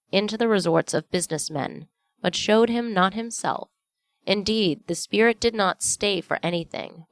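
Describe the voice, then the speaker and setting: A woman narrating a classic story aloud in a measured, solemn, deliberate way. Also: low-pitched, vocal fry, no echo. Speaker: audiobook reader.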